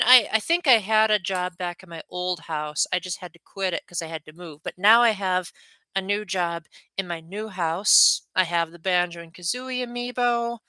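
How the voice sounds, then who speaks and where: A young man talks casually to his stream viewers, rambling from one thought to the next in a friendly way. His voice is bright and smooth, on the high side for a man. The sound is close and dry. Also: no room sound. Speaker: livestreamer. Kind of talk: casual livestream chat with viewers.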